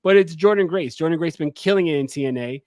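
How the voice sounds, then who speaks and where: A man with a slightly raised pitch in casual wrestling talk. He argues his points earnestly and with conviction. The recording is dry and close. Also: quick pace, darkish tone, no room sound. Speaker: podcast co-host.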